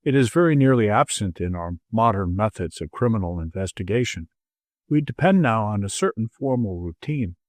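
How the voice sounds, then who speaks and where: A man voicing a reflective English gentleman detective who talks in a measured, thoughtful way. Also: fairly low pitch, animated, no echo, natural voice.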